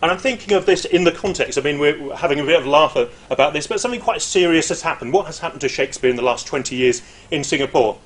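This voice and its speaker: A middle-aged university lecturer gives a chatty, lively informal academic presentation with many hesitations and asides. He talks fast in a somewhat high voice, barely pausing.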